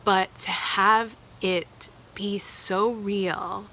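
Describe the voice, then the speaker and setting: A woman's voice: mid-range voice, steady tone, drawn-out words, sharp tone, slight background noise. A woman hosting a live tarot card reading, speaking earnestly and emotionally, thinking aloud with fillers.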